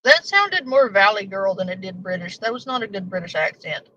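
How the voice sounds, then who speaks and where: A woman's voice: mid-range voice, lively intonation, brisk, sharp tone. A woman hosting a casual live stream, rambling and joking with plenty of swearing. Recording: dull lo-fi stream audio.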